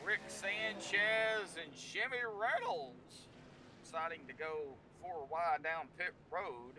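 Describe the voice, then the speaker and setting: A man's voice: a little high, takes it slowly, pushed and bright, soft background music. A man doing laid-back sim racing play-by-play commentary, with self-deprecating banter between calls. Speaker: race commentator. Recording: distant mic with clear background noise.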